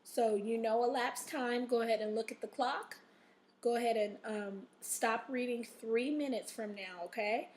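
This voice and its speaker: A woman's voice: fairly high pitch, normal speed, darkish tone. A woman teacher giving a recorded reading and word-study lesson to her class, checking in often with "okay?". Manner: encouraging, checks in with frequent "okay?".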